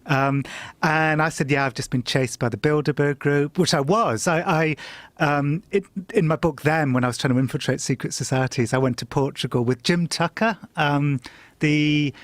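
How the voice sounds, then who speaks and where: A middle-aged man telling an anecdote in a casual chat, animated and swearing, often laughing and jumping up in pitch when he quotes people. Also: moderate pace, no room sound. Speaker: guest storyteller.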